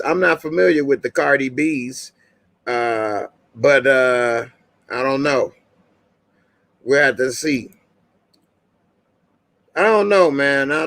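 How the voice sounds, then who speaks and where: Middle-aged male host, casual and chatty, mid-pitched voice, dry close recording. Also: vocal fry, a bit bright, no room sound. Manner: laid-back, chatty, laughs often, talks to viewers. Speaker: show host. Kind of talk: casual live-stream commentary.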